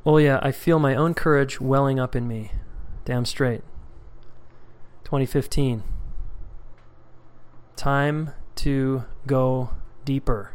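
A man's voice: medium pitch, fairly even intonation, slow pace, pauses often, darkish tone, clean tone. A man coaching a live group call in a casual, candid way. He reads out members' comments and answers questions. Now and then he acts out short dialogues, and his voice shifts for them.

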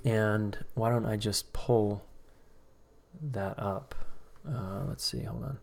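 A male course instructor teaches a live online class in a gravelly, lowish voice, speaking slowly. His tone is casual and conversational, and he acts out short example dialogues as he explains.

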